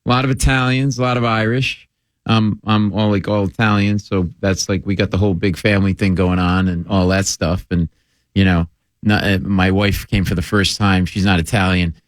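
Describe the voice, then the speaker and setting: Rambling, animated middle-aged male storyteller. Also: sits low, moderate pace, dry recording. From Rhode Island. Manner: rambling, animated, full of "like" and asides. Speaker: guest comedian. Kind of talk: comic storytelling in casual chat.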